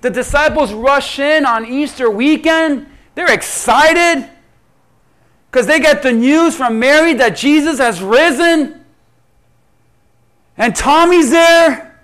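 Man preaching, very high voice, slow unhurried delivery, acts out prayers, loud then hushed. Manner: animated, swings from loud pleading to hushed asides; acts out prayers and Bible figures in quoted speech. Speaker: pastor. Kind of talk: sermon.

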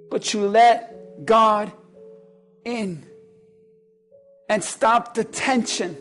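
A male pastor delivering a sermon in a high voice, animated and climbing to loud exclamations in acted asides. Faint music plays softly behind him.

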